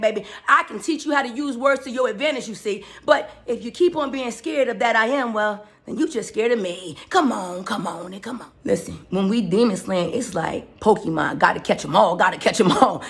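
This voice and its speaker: A woman delivering a fiery, profanity-laced spiritual rant, preaching and often shouting. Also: sits high. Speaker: spiritual speaker.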